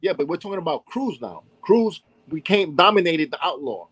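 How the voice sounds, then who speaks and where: A man with a New York accent tells stories in an animated way and slips into other voices as he goes. His voice sits a little high for a man. The sound is dry and close. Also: normal speed, breathy edge, dry recording, rough recording. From Brooklyn, New York. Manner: animated storyteller, acts out voices, many "you know what I'm saying". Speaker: interview guest, hip hop dance pioneer. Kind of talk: storytelling interview.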